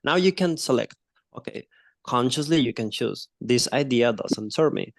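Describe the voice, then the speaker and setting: A man's voice: mid-range voice, expressive, moderate pace, gravelly, no room sound, studio quality. A man coach in a casual roundtable discussion, explaining ideas earnestly with hesitant restarts.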